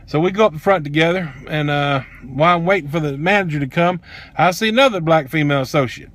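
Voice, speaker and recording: A man's voice: fairly high pitch, fairly quick, fairly bright tone. Blunt, profane man telling a story. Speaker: vlogger. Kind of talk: casual storytelling.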